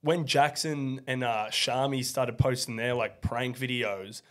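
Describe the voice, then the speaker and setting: A hoarse young man in his twenties with a raspy voice, chatting loosely as a podcast guest, full of fillers. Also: mid-range voice, steady tone, measured pace, a bit bright. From Australia. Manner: loose, rambling, many fillers. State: hoarse from partying. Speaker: guest comedian. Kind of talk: casual podcast chat. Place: rented co-working room, not soundproof.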